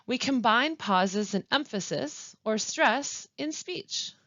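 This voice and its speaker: A woman who works as a language support specialist, presenting a pronunciation webinar with clear, deliberate teaching and careful pauses. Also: a little high, animated, a bit bright, no room sound. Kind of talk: instructional webinar narration. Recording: dull, lo-fi dry voice-over.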